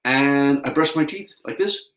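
A man's voice: medium pitch, a little slow, a bit bright, echoey room, slight background noise, poor audio. A man hosting a children's sing-along, singing playful wake-up songs with actions. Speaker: children's singer host. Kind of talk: singing along with guitar for kids. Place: home.

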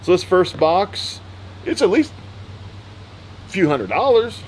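A man's voice: sits high, sing-song, a little hiss or hum. A man casually unboxing returned goods for his channel, joking and stretching out words. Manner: playful, jokey, drawn-out words. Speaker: reseller unboxing return pallets.

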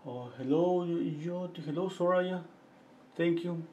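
A middle-aged man giving a live painting lesson, thinking aloud as he works, pausing often and chatting with viewers between steps. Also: on the high side, muffled recording, slight background noise. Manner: relaxed, thinking aloud while he paints, with frequent pauses and fillers. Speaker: painting instructor.

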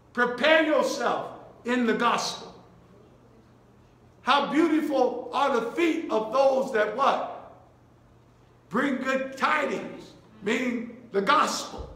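A man's voice: very high-pitched, a bit bright. A man preaching a sermon as bishop, repeating short commands and checking in with the congregation in call-and-response. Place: church sanctuary. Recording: very echoey church room.

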